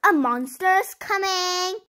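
A woman's voice: very high voice, expressive, unhurried, bright, forceful tone, voice pushed up, full character voice. A woman voicing a small, jittery boy inchworm in a storybook, urgent and alarmed. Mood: panicky.

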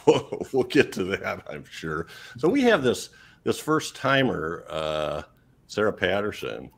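A man's voice: deep voice, wildly swooping pitch, a little slow, vocal fry. A man co-hosting a casual podcast discussion, rambling and trailing off with chuckles as he leads the segment. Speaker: podcast co-host leading the segment.

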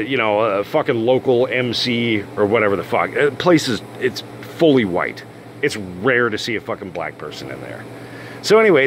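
A man's voice: medium pitch, a little hiss or hum. A man telling a crude, swear-filled story as the host of a casual rant video. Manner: crude, swearing constantly, animated. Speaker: channel host.

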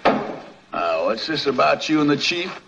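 A shrewd talking mule who delivers wisecracks in a slow, lazy drawl. The pitch rises and falls freely, the tone is bright, and the sound is dull and muffled like an old 1950s film soundtrack. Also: male voice, big pitch swings, vocal fry, a little hiss or hum, full character voice. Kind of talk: 1950s film comedy acting.

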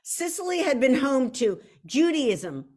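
A woman's voice: high-pitched, very animated, measured pace, darkish tone. A woman hosting a live online show, chatting casually and with self-deprecating humor, often restarting her sentences. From United States. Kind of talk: casual live-stream talk.

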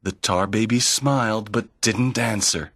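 A man narrating a folk tale slowly and clearly for language learners, in a measured storytelling manner. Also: fairly low pitch, fairly bright tone, no echo, studio quality. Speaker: narrator of a graded reader. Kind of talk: slow scripted narration for learners.

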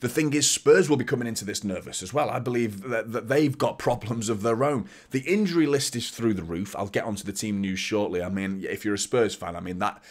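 A man's voice: on the low side, brisk, hardly any pauses. Rambling, opinionated man talking football. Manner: rambling and opinionated, with frequent restarts and stammered repeats. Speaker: football fan channel host. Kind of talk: casual football preview monologue.

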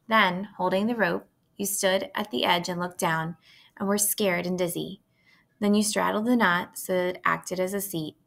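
A woman reads a children's novel aloud at an even, gentle storytelling pace. Her voice is mid-pitched with a noticeable creaky, gravelly edge.

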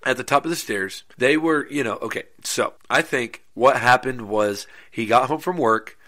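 A male podcast host with a mid-range voice tells a true-crime story at a moderate pace. He's casual and animated, swearing freely and making asides to listeners.

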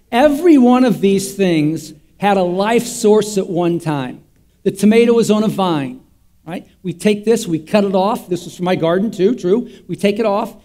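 Pastor, male, high mellow voice; folksy interactive sermon, quizzes the crowd. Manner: call-and-response, quizzing the congregation; folksy, repetitive, with props. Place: church.

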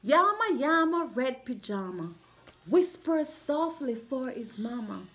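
Woman reading a picture book to her child, sing-song, slow and very high. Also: very animated, a bit bright.

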